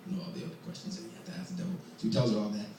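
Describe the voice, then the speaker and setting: A man's voice: medium pitch, expressive, racing, mellow, slight background noise. A man telling a folktale live, playful, with chatty asides to the audience. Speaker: storyteller. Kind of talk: live storytelling. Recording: echoey hall from far off.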